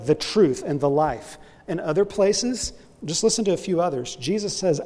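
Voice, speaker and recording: Male preacher, raised pitch, mellow tone, emphatic teacher who asks rhetorical questions, long hall echo. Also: normal speed. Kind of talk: expository sermon.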